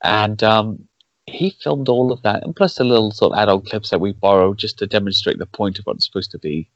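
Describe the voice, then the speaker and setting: A man with a lowish voice talks as a guest in a relaxed interview. His speech meanders, full of ums and uhs. The sound is muffled and dry. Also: brisk, dry recording. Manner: loose and rambling, with frequent fillers. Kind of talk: casual interview chat.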